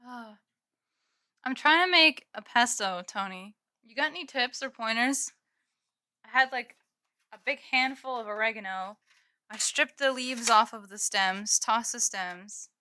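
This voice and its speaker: A woman's voice: medium pitch, pushed and bright. A woman chatting casually on a live stream from her room at home, giggling and swearing now and then while she snacks. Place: home room with green screen.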